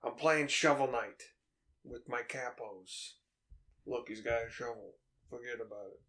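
A man doing a gruff New Jersey mob boss. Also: medium pitch, measured pace, sharp tone. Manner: growling, swearing, menacing.

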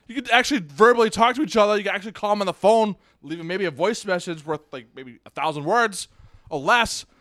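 A man co-hosting a casual sports podcast, joking loudly and ranting. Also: sits high, no echo, clean studio sound. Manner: loud, joking, sing-song rants. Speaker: podcast co-host.

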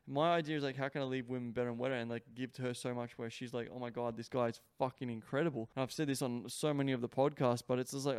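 A man talking solo on his podcast, cursing constantly and leaning hard on "like" between thoughts. His voice sits at an everyday middle pitch. The sound is dry, with no room around it. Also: darkish tone, clear, resonant tone, no echo. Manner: profane, emphatic, heavy use of "like" fillers. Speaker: podcast host and sex coach.

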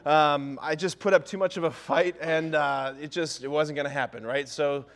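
A man's voice: on the high side, fairly even intonation, normal speed, fairly bright tone. A man in his thirties from Ohio, a priest giving a humorous talk to parents and telling self-deprecating stories. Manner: self-deprecating storyteller, keeps asking "right?". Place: parish hall or church.

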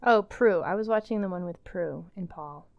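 A woman's voice: lowish voice, normal speed, no room sound, highs cut off. Woman, casual co-host, chatty, dry close recording. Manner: chatty, laughs often, acts out quotes. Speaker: podcast co-host. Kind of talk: casual chat.

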